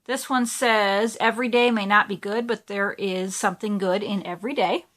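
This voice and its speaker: A woman's voice: medium pitch, steady tone, normal speed, fairly bright tone. A woman, chatting casually and gushing while she shows off her crafting supplies. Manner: chatty and gushing, with many fillers. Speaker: cross-stitch vlogger. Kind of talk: casual show-and-tell chat.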